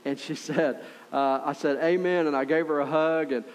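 Male pastor, middle-aged, somewhat high voice, casual earnest sermon delivery. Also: level tone, moderate pace. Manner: conversational and earnest, with frequent "right?" asides.

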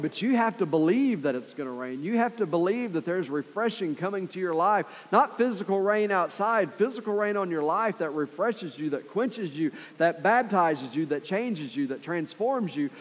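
Impassioned preacher man in a reverberant hall. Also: high voice. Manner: impassioned, repetitive, acts out quoted voices. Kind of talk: sermon. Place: church sanctuary. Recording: reverberant hall with faint music.

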